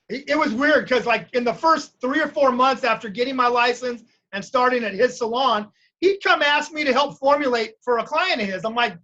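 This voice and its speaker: Bright-voiced chatty man on lo-fi audio. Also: extremely high pitch, a little fast, few pauses. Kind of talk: casual chat. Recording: dull lo-fi call audio.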